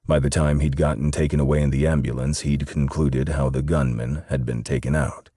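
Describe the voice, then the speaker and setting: Male audiobook narrator, very deep and husky, steady reading. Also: a little fast, no echo. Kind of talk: scripted narration.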